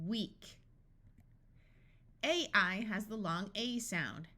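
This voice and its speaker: A woman teaching a phonics lesson, slowly sounding out letters and words one at a time with careful, deliberate delivery. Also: medium pitch, lively intonation, a bit bright. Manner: slow and deliberate, stretching out each sound. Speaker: phonics tutor.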